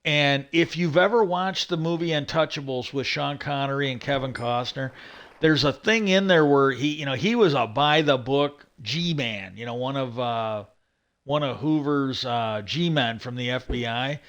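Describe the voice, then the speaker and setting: A man's voice: medium pitch, unhurried, fairly bright tone. A man hosting a livestream, casually rambling through stories with many fillers and restarts. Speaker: livestream host.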